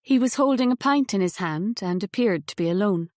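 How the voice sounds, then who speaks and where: Scripted audiobook narration is delivered by a woman whose storytelling stays calm and even throughout. Her voice has a medium pitch, and the dry, close studio capture has no room sound.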